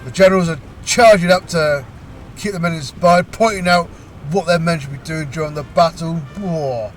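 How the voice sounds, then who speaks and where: A man casually commentating a video game battle, talking haltingly with frequent pauses and restarts and a lightly amused tone. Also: a little high, soft background music. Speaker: gameplay commentator.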